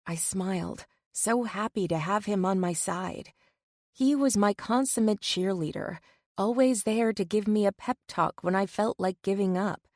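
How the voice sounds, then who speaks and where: A woman's voice: mid-range voice, unhurried, a little mellow, no room sound, clean studio sound. Woman narrating a romance audiobook. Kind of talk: first-person scripted narration.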